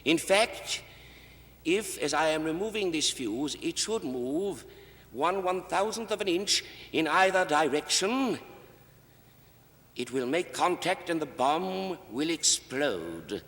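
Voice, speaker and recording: A man's voice: on the high side, expressive, fairly bright tone. Jittery, overly polite man on a reverberant stage. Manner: overly polite and deferential, calls the listener sir; nervous stammering and halting restarts. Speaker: comedian. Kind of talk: comic monologue, one side of a conversation. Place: television studio stage. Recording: long hall reverb on a 1960s TV stage.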